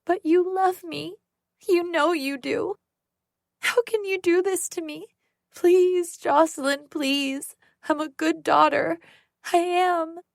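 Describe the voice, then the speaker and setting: A woman's voice: sits high, measured pace, gravelly, a little mellow, dry recording, clean studio sound, voice pushed up. A woman voicing an unhinged adult woman who holds someone captive and turns from menacing to childlike pleading. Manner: menacing, then pleading like a little girl. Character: unhinged adult woman captor, needy and violent.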